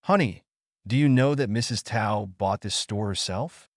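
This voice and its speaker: A man's voice: on the low side, a little slow, no echo, clean studio sound, close to an everyday voice. A man voicing a polite, curious young man who is a college student.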